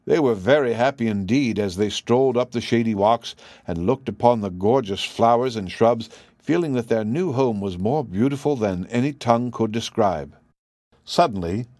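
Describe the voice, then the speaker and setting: A man narrating a children's storybook chapter in a steady, even reading voice. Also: fairly low pitch, no echo. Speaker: audiobook narrator.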